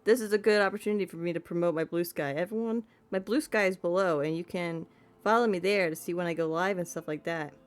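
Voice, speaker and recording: A woman's voice: on the low side, fast talker. A woman streamer chatting playfully while she plays a game and talks to her cat. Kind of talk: casual gameplay commentary.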